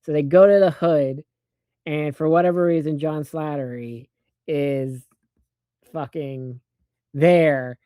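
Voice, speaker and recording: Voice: medium pitch, fairly even intonation, dark tone, clean tone, no echo. A person casually recapping a movie plot with profane, sarcastic asides and a rambling delivery. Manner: acts out characters' lines in quick put-on voices.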